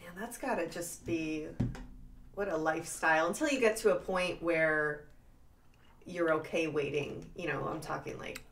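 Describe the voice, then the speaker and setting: A woman co-hosting a casual podcast chat, supportive and quick to chime in with agreement. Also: low voice, slight background noise. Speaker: podcast co-host.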